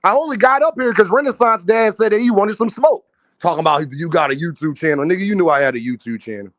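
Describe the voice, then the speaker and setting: His voice sits high, a bit bright, fast and expressive as he runs a live boxing stream. Brash and profane, he trash-talks and calls out people in his chat by addressing them directly, heard through dull lo-fi audio.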